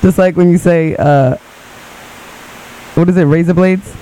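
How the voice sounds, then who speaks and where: Joking man with a raised, mellow voice. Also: on the high side, fairly even intonation, measured pace, rough recording. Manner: joking, laughs often. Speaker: radio co-host. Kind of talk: casual studio banter. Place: radio studio.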